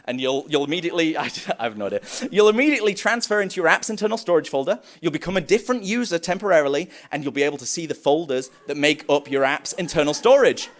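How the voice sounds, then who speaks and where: Quick and nearly pause-free, this young conference speaker's voice sits on the high side as he presents developer tools live. He keeps things animated with jokes and playful dialogue he performs himself.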